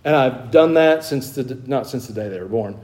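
A man's voice: mid-range voice, animated, normal speed, a little mellow. A middle-aged man preaching a sermon as pastor, talking conversationally, with self-deprecating humor and emphatic exhortations.

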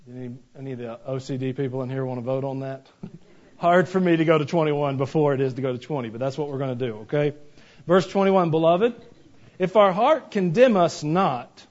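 A man preaching a sermon, animated and joking, with rhetorical questions to the congregation. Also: a little high. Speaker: pastor. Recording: dull lo-fi recording.

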